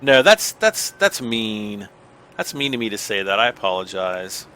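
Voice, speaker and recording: Lively, bright-voiced man rambling over gameplay. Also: lowish voice, unhurried, a little hiss or hum. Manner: rambling, self-deprecating, chuckles often. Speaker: gaming channel host. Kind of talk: casual gameplay commentary.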